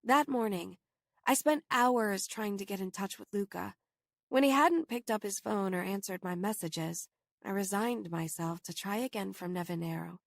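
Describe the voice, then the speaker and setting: Brief: female audiobook narrator, mid-pitched, dry close sound, measured first-person telling. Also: vocal fry, no echo. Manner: steady, measured storytelling.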